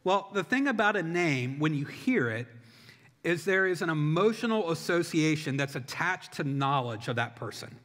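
A middle-aged man delivers a sermon with a bright, slightly high voice, telling the story in an easy conversational way. His words ring out with the long reverb of a large hall. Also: sing-song, moderate pace.

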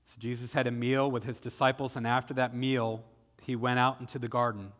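Southern male pastor, medium pitch, sharp bright delivery, dramatic sermon storytelling, recorded in a reverberant church hall. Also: little pitch movement. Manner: dramatic retelling, slowing for emphasis. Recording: echoey hall with long reverb.

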